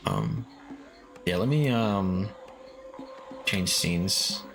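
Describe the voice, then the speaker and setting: A man's voice: low-pitched, expressive, drawn-out words, vocal fry, fairly bright tone. A man streaming games, chatting casually, reading chat aloud, swearing freely and chuckling often. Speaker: game streamer. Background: faint lofi background music.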